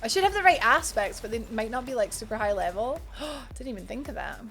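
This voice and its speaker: A woman's voice: fairly high pitch, big pitch swings, a little fast, gravelly, fairly bright tone, soft background music. A woman streaming a video game, chatting with viewers and thinking aloud as she plays, often laughing and gasping. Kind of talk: live gameplay commentary chatting with viewers.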